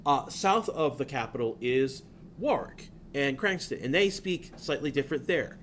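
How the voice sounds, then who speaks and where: A man's voice: mid-range voice, animated, normal speed, fairly bright tone, slight background noise. A man from southern New England teaching a class, talking in a loose, rambling way that drifts off on tangents. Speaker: instructor. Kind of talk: classroom lecture.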